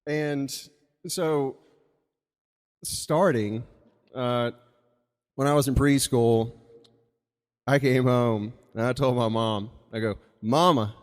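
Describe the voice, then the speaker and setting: A man's voice: mid-range voice, fairly even intonation, takes it slowly, long pauses, a little mellow, clean tone. A man from Mississippi, telling a rambling, casual story at a live open mic with chuckling asides. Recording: long reverb of a live venue.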